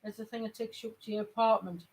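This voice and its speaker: A family channel vlogger from Sunderland in northeast England speaks with a northeast English accent in a mid-range, slightly mellow voice. Talking fast with fairly even intonation, they chat casually and ramble through stories with many restarts, on a low-quality recording.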